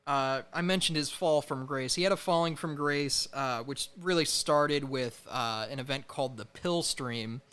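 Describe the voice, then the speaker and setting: A man's voice: medium pitch, normal speed, hardly any pauses, a bit bright, smooth. A young man co-hosting a comedic podcast, casual and sarcastic, laughing often. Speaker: podcast co-host.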